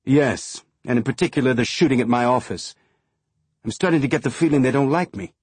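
A man voicing a gruff, wounded older ex-Marine leader who growls curt, cursing commands. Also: medium pitch, a little fast, darkish tone, no room sound, close to an everyday voice. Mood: urgent.

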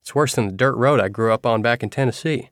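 A man voicing a brisk, bossy middle-aged woman nurse in an audiobook. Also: medium pitch, fairly bright tone, no room sound, studio quality, close to an everyday voice.

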